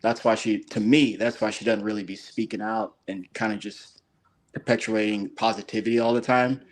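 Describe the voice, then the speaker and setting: Low-voiced man giving his view. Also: fairly even intonation, moderate pace. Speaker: panelist. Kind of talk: casual chat.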